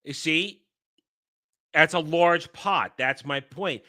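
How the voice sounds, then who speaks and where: A man's voice: a little high, takes it slowly, bright, forceful tone. A man from New York doing casual stream commentary, ranting with mock outrage and plenty of swearing. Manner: profane, mock-indignant ranting. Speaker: streamer reacting to clips.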